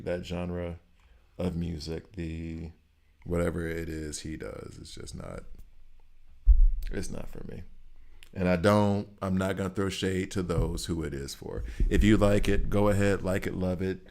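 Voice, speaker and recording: A middle-aged gaming streamer rambles through his opinions in casual chat while playing, laughing often. He has a low-pitched, slightly mellow voice with vocal fry.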